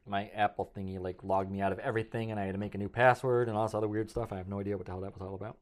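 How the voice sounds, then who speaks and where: A man with a somewhat low voice co-hosts a casual podcast. He tells a strange story loosely and chuckles often along the way. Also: level tone, racing. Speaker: podcast co-host. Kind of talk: casual chat.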